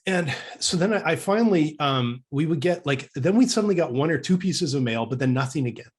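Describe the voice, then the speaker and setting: A man's voice: on the high side, fairly quick, few pauses, slightly rough. A man from Canada co-hosting a podcast, telling a story casually, with many restarts and acting out the dialogue. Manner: animated storyteller who acts out quoted dialogue; frequent restarts and stammered repeats. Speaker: podcast co-host.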